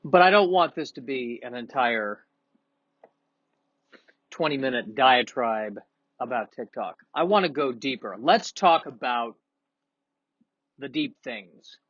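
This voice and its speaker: A man's voice: mid-range voice, expressive, slow, long pauses, dry recording, highs cut off. A man doing a casual, rambling, self-deprecating monologue, with sniffles and frequent restarts. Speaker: comedian vlogger.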